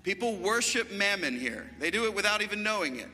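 Bright-voiced middle-aged preacher, hall reverb. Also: male voice, high-pitched, sing-song. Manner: impassioned preaching, quick shifts between loud and quiet. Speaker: guest preacher. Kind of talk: sermon.

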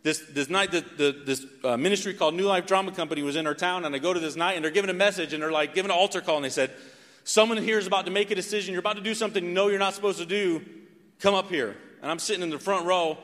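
In a church sanctuary with long reverb, a man from North Carolina in his forties races through a sermon testimony in a high voice. He tells his story with animation and asks "right?" again and again.

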